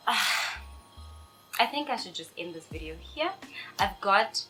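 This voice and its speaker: A woman's voice: mid-range voice, expressive, slow pace, pushed and bright, faint music behind, rough recording. A young woman from South Africa, answering viewer questions in a sassy, playful casual chat straight to her viewers. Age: young adult.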